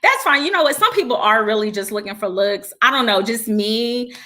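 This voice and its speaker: A woman's voice: on the high side, expressive, fairly quick, pushed and bright. A woman who is a guest on a casual podcast chat, speaking candidly, with many restarts and fillers.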